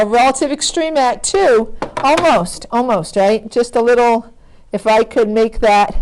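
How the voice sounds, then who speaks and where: A woman's voice: on the high side, a little mellow. A woman teaching a math lesson, chatty and self-correcting as she thinks aloud while working. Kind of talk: recorded screen lesson.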